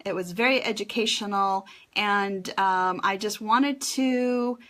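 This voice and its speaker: A woman's voice: medium pitch, slow. A woman hosting her first live stream for an essential oils class, chatty and a little nervous, with many ums as she greets viewers. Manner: chatty, warm greetings to viewers, filler-heavy.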